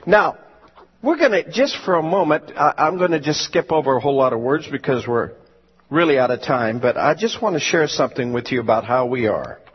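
A man's voice: medium pitch, animated, brisk, breathy edge, long reverb tail. A male pastor preaching a sermon, telling stories with emphasis, on a dull lo-fi recording.

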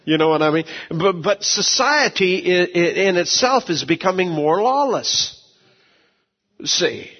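A man preaching a sermon as pastor, telling folksy stories, repeating words and swinging from low asides to shouted peaks. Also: animated, a little slow, long reverb tail, highs cut off.

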